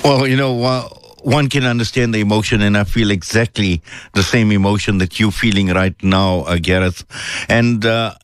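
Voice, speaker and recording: A man interviewing a guest, speaking in a measured, gentle way with many fillers. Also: fairly low pitch, steady tone, smooth. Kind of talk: interview questions.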